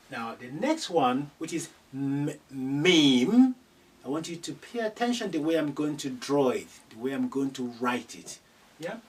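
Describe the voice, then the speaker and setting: Guy teaching letters real slow, lots of repeating, a bit far from the mic. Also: a little high. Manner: patient, repeats sounds many times. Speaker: Arabic teacher. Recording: somewhat distant from the mic.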